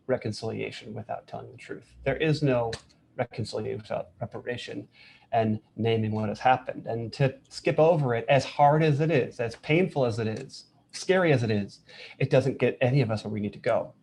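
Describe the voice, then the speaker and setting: A man's voice: medium pitch, creaky, darkish tone, slight background noise. A man speaking earnestly and reflectively on a panel over a video call. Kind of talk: casual panel talk.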